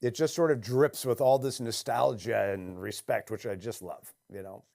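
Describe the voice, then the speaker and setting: A man's voice: mid-range voice, fairly even intonation, normal speed, vocal fry, a little mellow. A man interviewing a guest in a casual, reflective, conversational way.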